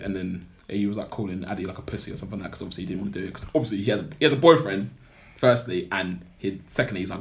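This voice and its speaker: Rambling young man, low voice. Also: fairly even intonation, racing, vocal fry. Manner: rambling, heavy use of filler words. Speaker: podcast co-host. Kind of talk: casual chat, retelling a film plot.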